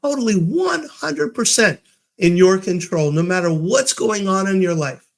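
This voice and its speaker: A man's voice: sits high, animated, unhurried, vocal fry. A man hosting his own podcast, giving a casual, upbeat motivational talk and telling stories with fillers and restarts. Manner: upbeat, storytelling with acted quotes. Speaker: podcast host.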